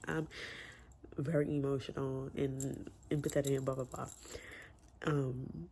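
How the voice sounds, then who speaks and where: Man reviewing a book at home, mellow gravelly voice, chatty and open with his feelings. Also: medium pitch, flat delivery, unhurried, pauses often, a little hiss or hum. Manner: chatty, emotional, candid, with slang. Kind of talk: casual book review chat. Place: room at home with window open.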